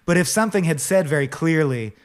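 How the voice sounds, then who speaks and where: Chatty, animated man, slightly high voice. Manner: animated, puts on quick silly voices for people he describes. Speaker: podcast co-host. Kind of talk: casual comedic chat.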